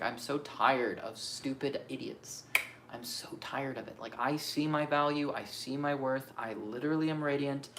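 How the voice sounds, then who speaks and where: A man's voice: a little high, fairly even intonation, a little slow, slight background noise. A man recording an unscripted astrology vlog, venting his frustrations frankly and profanely and rambling as he questions himself. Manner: restless, self-questioning rambling.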